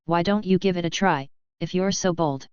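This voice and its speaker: Snarky male spirit sidekick from a fantasy audiobook, woman reading it, smooth low voice. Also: normal speed, darkish tone, dry recording, dull audio, lightly acted. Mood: teasing. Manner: teasing, sarcastic. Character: sardonic male immortal soul, a teasing sidekick. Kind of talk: audiobook character voice.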